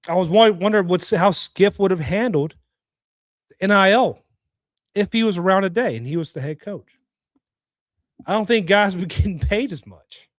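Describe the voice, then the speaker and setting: Man, sports talk host, blunt, ranting, slightly high voice, dry close sound. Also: no room sound. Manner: opinionated, blunt, scolding. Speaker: podcast host. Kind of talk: casual sports talk show rant.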